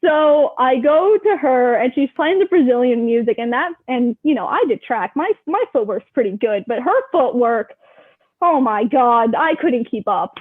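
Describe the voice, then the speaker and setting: A young woman with a high, bright-pitched voice tells stories in an animated rush, peppering every sentence with "like." She sounds thin and tinny, as if she is coming through a phone-line call. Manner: animated, rapid storyteller, full of "like". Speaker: guest. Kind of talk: casual interview storytelling.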